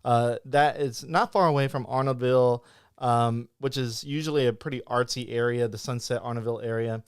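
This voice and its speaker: A man hosts a casual interview, upbeat and full of quick interjections. His voice is smooth and clear at a medium pitch. The recording is close and dry. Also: steady tone, no echo. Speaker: podcast host.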